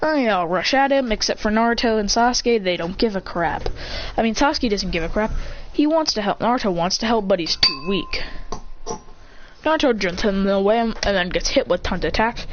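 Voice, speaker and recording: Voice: mid-range voice, lively intonation, normal speed, lo-fi sound, slight background noise. A storyteller eagerly retelling an improvised fan-fiction tale in tumbling run-on sentences, full of restarts and gasps.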